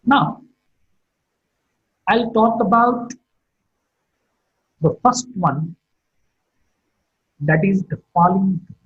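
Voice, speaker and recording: A middle-aged man giving a recorded phonetics lecture, speaking in a slow, deliberate teaching manner and carefully modeling example sentences. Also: high-pitched, expressive, breathy edge, phone-quality sound. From India.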